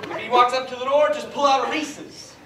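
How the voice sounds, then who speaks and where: A man performing a stand-up comedy set in a theater, deadpan with sudden loud outbursts. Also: very high voice, a little fast, recorded from a distance, crowd noise. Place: theater stage with live audience. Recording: echoey theater heard from afar, audience noise.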